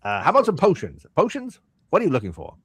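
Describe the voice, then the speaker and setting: A man's voice: on the high side, wildly swooping pitch, quick pace, a bit bright, husky, dry recording, voice pushed up, full character voice. A man voicing a fussy, scatterbrained shopkeeper of magic goods who rambles through his sales patter in a raised voice. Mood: flustered.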